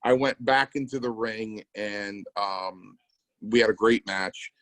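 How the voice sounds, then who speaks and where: A man's voice: fairly low pitch, takes it slowly, fairly bright tone, no echo, low-quality recording. A middle-aged man co-hosting a podcast, telling rambling stories and acting out the lines of the people in them. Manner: rambling anecdotes with acted-out quotes. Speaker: podcast co-host, former wrestler. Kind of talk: casual storytelling chat.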